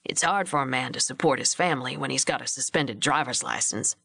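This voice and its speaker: Woman doing a calm, low-voiced rancher dad. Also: fairly quick, vocal fry, slightly rough, no room sound, studio quality, heavily acted. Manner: low, even, quietly firm. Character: big gruff rancher father, calm, steady.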